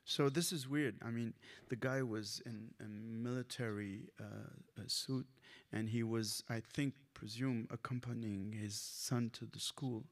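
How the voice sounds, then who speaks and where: A man from Lebanon, a comics author, reading his work aloud at a library event with wry, halting asides. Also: medium pitch, steady tone. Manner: halting, self-correcting, wry. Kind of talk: live reading with commentary.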